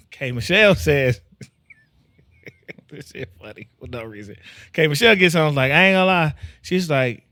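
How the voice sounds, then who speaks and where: A man's voice: mid-range voice, lively intonation, slow, long pauses, pushed and bright, no echo. A young man, hosting a podcast in casual chat, joking, laughing often and retelling stories. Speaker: podcast host.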